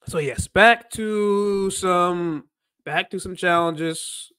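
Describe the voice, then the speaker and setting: A man's voice: high-pitched, drawn-out words, pushed and bright, smooth. A man hosting a casual livestream about learning, rambling and thinking aloud as he talks. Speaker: livestream host and Spanish learner.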